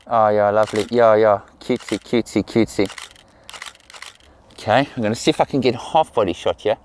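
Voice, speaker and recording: A man's voice: fairly low pitch, a little fast, a little mellow, a little hiss or hum. A middle-aged man working as a portrait photographer outdoors in a field, directing a model and praising every pose with the same encouraging words again and again. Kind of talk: directing a model during a shoot.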